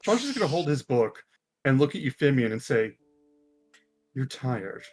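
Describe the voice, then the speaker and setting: A man narrating as game master of a tabletop role-playing game, relaxed and full of fillers, with soft music behind. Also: medium pitch, quick pace. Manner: relaxed, laughing, many fillers.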